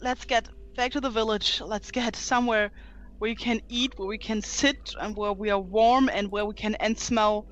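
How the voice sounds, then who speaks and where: A woman playing her character in a tabletop game, talking in an earnest, halting way. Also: a little high, steady tone, highs cut off, a little hiss or hum. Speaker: player.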